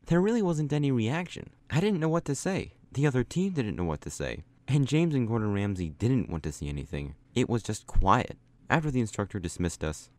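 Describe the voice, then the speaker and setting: A man's voice: fairly low pitch, no room sound. A man narrating a personal story casually, chatty with many asides. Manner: chatty, with lots of likes and asides.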